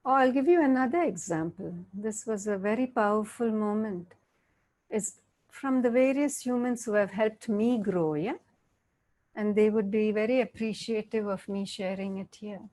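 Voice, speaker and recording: A woman giving a reflective interactive talk, speaking gently and often checking in with her listeners. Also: medium pitch. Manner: slow, gentle, checks in with "yeah?".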